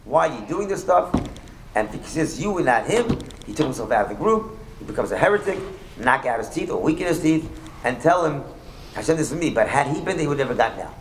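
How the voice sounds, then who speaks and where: A man, a rabbi teaching a Torah class, talking quickly and playfully with jokes and frequent restarts. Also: on the high side, background noise. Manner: animated, rapid, joking, with many restarts. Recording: echoey room with faint ambience.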